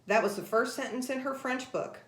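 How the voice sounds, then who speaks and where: A woman reading a children's story aloud in a gentle, measured way. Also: sits high. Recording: roomy echo.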